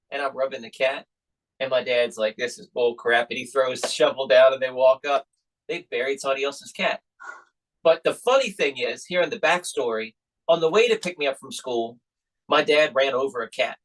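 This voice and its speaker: Middle-aged male podcast host, lively storyteller, mid-pitched voice. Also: a little fast, rough recording. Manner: animated storyteller acting out quoted voices. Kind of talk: casual storytelling chat.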